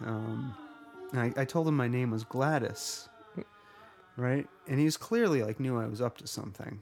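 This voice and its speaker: A woman's voice: extremely low pitch, moderate pace, faint music behind. A woman podcast co-host telling a story casually and animatedly, dropping "right?" after almost every line. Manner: animated, keeps saying "right?".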